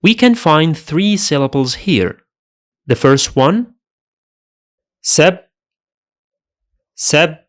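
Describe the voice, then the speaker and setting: A man teaching Arabic pronunciation in a scripted lesson, speaking deliberately and saying each sound twice. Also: on the high side, expressive. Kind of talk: slow scripted lesson narration.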